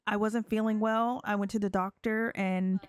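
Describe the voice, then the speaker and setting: A woman's voice: mid-range voice, flat delivery, moderate pace, clear, resonant tone, no echo, lightly acted. A woman voicing a dazed, blunt young wife in a life-sim game. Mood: defensive.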